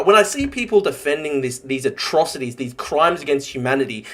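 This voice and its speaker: A man's voice: a little high, a bit bright. A young man hosting a live stream, ranting angrily and swearing, repeating phrases for emphasis. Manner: heated, profane, repeats himself for emphasis. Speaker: livestream host. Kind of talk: angry political livestream rant.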